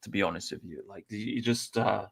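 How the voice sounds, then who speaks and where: A man's voice: on the low side, a little fast, gravelly, slightly rough. A man chatting on a podcast, ranting and swearing heavily. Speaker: podcast co-host. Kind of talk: casual chat.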